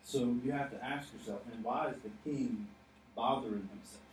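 A man's voice: mid-range voice, normal speed, distant mic. A man preaching a sermon, who tells the story and builds to emphatic points with laughing asides. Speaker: pastor. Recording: echoey hall, off-mic, faint noise.

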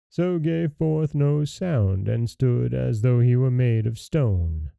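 Brief: male fairy-tale reader, dark gravelly voice, very dry close recording. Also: mid-range voice, animated, no echo. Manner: measured storybook narration. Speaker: storyteller host. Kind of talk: reading a fairy tale aloud.

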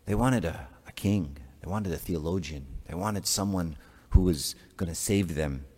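A priest giving a conversational sermon, asking rhetorical questions and making joking asides. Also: male voice, sits low, moderate pace, darkish tone, slightly rough. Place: church. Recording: long church reverb.

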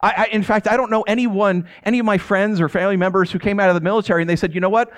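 A man with a high-sitting voice gives a casual, animated Bible teaching. He is chatty, laughs easily, and fills his talk with rhetorical questions.

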